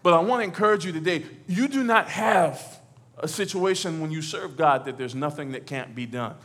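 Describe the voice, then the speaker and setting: A man preaching a lively sermon in church, swinging from near shouts to low, quiet lines, with stammered repeats and playful asides. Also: moderate pace, slightly rough. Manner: animated, rises to shouts and drops low.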